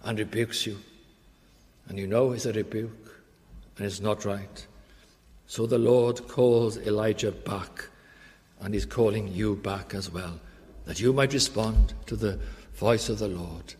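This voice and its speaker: A man preaching a sermon in an earnest, emphatic way, slowing down to stress key phrases. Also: lowish voice, steady tone, a little mellow, big-room sound.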